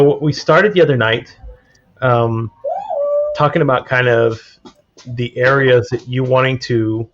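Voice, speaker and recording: Rambling man hosting a podcast. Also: medium pitch. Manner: rambling, halting with fillers. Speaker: podcast host. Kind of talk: casual interview chat. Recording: dull lo-fi stream audio.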